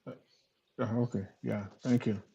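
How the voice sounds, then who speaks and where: Gravelly Nigerian man on muffled call audio. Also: fairly low pitch, steady tone, dark tone. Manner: halting, many fillers, sarcastic. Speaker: panel guest. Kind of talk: political commentary on a live stream. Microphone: video call. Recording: dull lo-fi video call audio.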